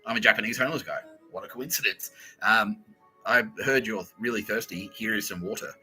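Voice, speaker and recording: Brief: a man playing a calm, deadpan homeless man, plain and helpful. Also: on the low side, a little fast, soft background music, poor audio.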